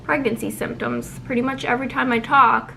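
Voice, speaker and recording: Young woman, casual home vlog, slightly breathless, lots of ums, bright tone, faint background hum. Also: fairly high pitch, creaky, low-quality recording. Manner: chatty, fast-talking with many ums. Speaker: vlogger. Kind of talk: casual pregnancy update vlog.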